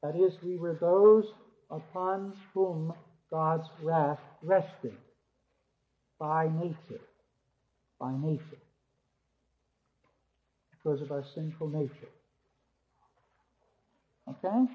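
A man with a fairly high voice lectures a class on theology, alternating scripture readings with step-by-step explanation. He lifts his voice to stress key words. The recording is muffled and lo-fi. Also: steady tone, slow, pauses often. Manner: reads scripture aloud, then explains point by point. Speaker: theology teacher.

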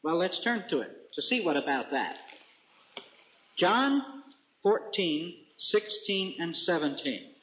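Man teaching from the Bible, high voice, deliberate scripture reading, roomy lo-fi recording. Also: sing-song, a bit bright, a little hiss or hum. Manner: deliberate, reads scripture slowly with emphasis. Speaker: preacher. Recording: echoey room, dull lo-fi sound.

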